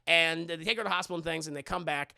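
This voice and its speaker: A man's voice: on the high side, very fast, vocal fry, pushed and bright, no echo. A man recapping a movie plot casually, rambling, stammering and swearing as he goes, on a close dry mic. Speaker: movie reviewer streamer.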